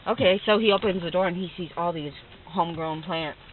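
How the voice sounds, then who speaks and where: A woman telling crude jokes to friends in a rambling, profane, animated way. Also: on the low side, fairly quick, slight background noise. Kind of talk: casual joke telling among friends. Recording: tinny phone-like sound.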